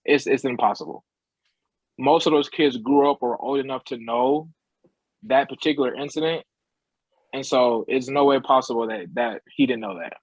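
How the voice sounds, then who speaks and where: An insistent man co-hosting a sports podcast makes his case firmly in an average-pitched voice. The sound is dry and slightly muffled. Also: normal speed, husky, no room sound. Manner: emphatic, insistent. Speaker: podcast co-host. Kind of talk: casual sports podcast chat.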